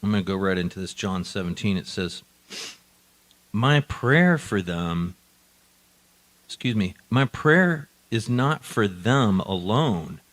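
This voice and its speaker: Emphatic low-voiced male preacher. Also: low-quality recording. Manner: emphatic, swings between quiet asides and loud declarations. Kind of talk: sermon. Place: church hall.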